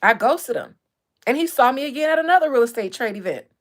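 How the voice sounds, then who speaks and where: A woman's voice: high voice, fast talker. Candid woman chatting on a livestream. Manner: candid, animated storytelling with blunt language. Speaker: real estate agent and livestream host. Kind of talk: casual livestream chat.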